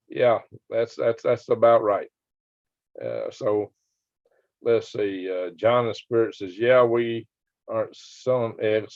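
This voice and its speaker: A man's voice: on the low side, a little mellow, no echo. A man hosting a casual live stream, reading viewer comments aloud and rambling with chuckles. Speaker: livestream host. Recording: dull lo-fi dry sound.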